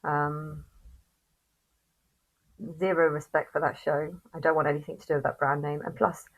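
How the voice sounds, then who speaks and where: Lower-voiced woman ranting angrily. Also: little pitch movement, rough recording. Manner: angry, swearing, halting with restarts. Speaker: vlogger. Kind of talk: ranting monologue to camera.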